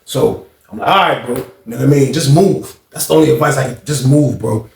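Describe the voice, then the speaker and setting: A man telling a story in a casual, animated, slangy way, acting out the scenes. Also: medium pitch, brisk, creaky, roomy sound.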